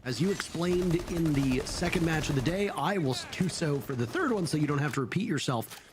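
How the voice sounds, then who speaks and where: Brief: high-voiced male play-by-play caster, lively delivery, noisy booth behind. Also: fairly quick. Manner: excitable, rising pitch at big plays. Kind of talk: esports play-by-play commentary.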